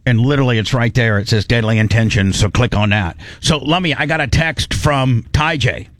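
A man's voice: medium pitch, a little fast, fairly bright tone, dry recording. A man hosting a podcast in loose, rambling casual chat. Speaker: podcast host.

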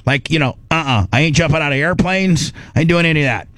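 A man's voice: on the high side, quick pace, no echo. A middle-aged man hosting a radio show, telling a story in casual chat and acting out his own inner voice. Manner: animated, acts out his inner voice.

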